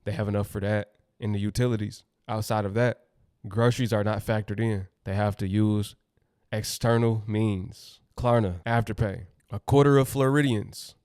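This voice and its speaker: A man's voice: fairly low pitch, steady tone, normal speed, darkish tone, clean tone, dry recording, clean studio sound. A man hosting a commentary channel, talking plainly and thinking aloud in a casual reaction style.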